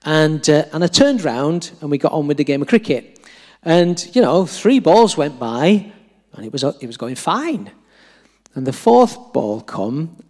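A middle-aged man preaching, telling a story animatedly and acting out the dialogue with self-deprecating humour. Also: a little high. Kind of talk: storytelling sermon. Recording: long reverb of a large hall.

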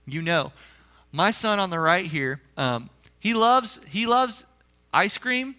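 A young adult male pastor preaching in a casual, chatty manner. His voice sits high and sounds bright and forward, and he slips into animated storytelling to make his points. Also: slow. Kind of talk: sermon.

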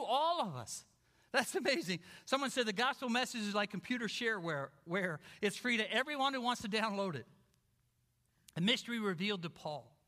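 A male pastor delivers an enthusiastic sermon in a church sanctuary. His voice sits high and rings bright and sharp. He swings from loud exclamations to quiet, low asides, and the hall gives his words a long reverb.

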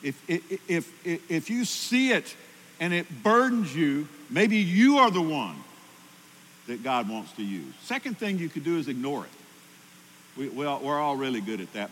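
A man preaching a sermon as pastor, emphatic, pushing his voice up loud to drive his points home. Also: a little high, very animated, moderate pace, in a large hall, a little hiss or hum, poor audio. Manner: emphatic, rises loudly at key points.

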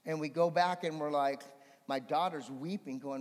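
A man preaching a sermon as a pastor, swinging between animated emphasis and hushed storytelling. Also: on the high side, normal speed. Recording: long hall reverb.

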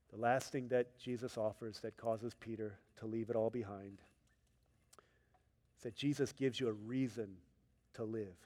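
A male pastor preaching a sermon to his church, dropping to a near hush and then building to loud, emphatic passages. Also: lowish voice, steady tone, normal speed, long pauses, long reverb tail. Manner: preaching with wide swings from hushed to loud and emphatic.

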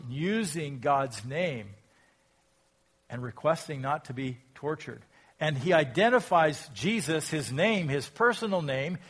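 A pastor preaching a sermon, reading scripture aloud and asking reflective, rhetorical questions. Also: male voice, fairly high pitch, husky. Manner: reflective, asks rhetorical questions, rises in volume when quoting scripture.

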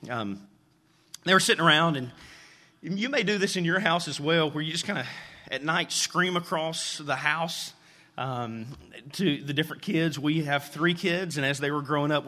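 A man's voice: a little high, sharp tone. A man preaching a sermon as pastor, talking casually with fillers and acting out the voices in his stories. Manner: conversational with fillers, acts out quoted voices. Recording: long reverb of a large hall.

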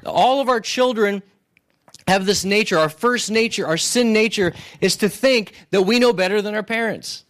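A male pastor delivers a sermon in a loose, conversational manner, retelling a scripture story with frequent restarts. His voice sits fairly high for a man, and he often pauses to check in with his listeners. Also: fairly bright tone. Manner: conversational, keeps checking in with "right?"; retells stories with restarts and acted asides.

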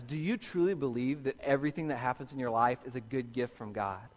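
A man's voice: medium pitch, brisk, hardly any pauses. A man preaching a sermon, telling a personal story animatedly and acting out his own reactions. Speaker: pastor. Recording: long reverb of a hall.

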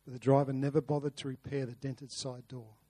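A man's voice: mid-range voice, flat delivery, fairly quick, dark tone, dry recording. A man preaching a sermon, earnest, with rhetorical questions and repeated words. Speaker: pastor. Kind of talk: sermon with a told story.

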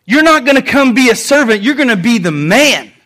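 Stubborn, protective grown man voiced by a preacher, insisting with repeated no's, high-pitched for a man. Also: very animated, fairly quick, a bit bright, heavily acted. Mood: insistent. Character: the apostle Peter, adult man, stubborn and protective.

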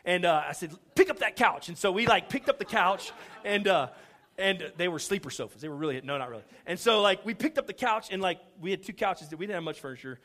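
A middle-aged male pastor from Houston, Texas tells a story during a sermon in a high-pitched, expressive, slightly bright voice at a quick pace. He acts out the dialogue and pokes fun at himself.

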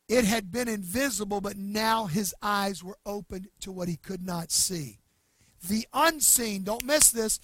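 High, bright-voiced preaching man. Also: no echo. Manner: emphatic preaching, swinging from loud to hushed. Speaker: pastor. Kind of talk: sermon.

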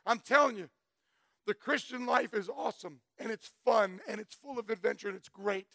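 A middle-aged man giving a folksy, animated testimony sermon, telling stories and breaking into shouts. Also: high voice, moderate pace, gravelly, dry recording. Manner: folksy, storytelling, bursts into shouts.

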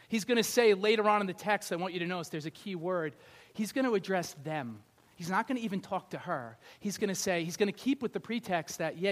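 A male pastor giving a conversational, animated sermon, acting out little scenes. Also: high-pitched.

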